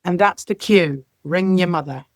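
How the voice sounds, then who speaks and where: A middle-aged woman from Ireland, a care sector leader, telling lively stories as a podcast guest and acting out the dialogue in them. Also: fairly low pitch, moderate pace, no echo. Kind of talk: podcast interview storytelling.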